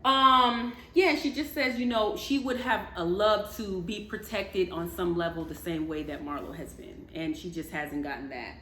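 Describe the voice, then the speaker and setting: A woman giving animated, casual gossip commentary to her viewers, laughing often and talking to them directly. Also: lowish voice, moderate pace, hardly any pauses, roomy sound, slight background noise. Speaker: commentary vlogger.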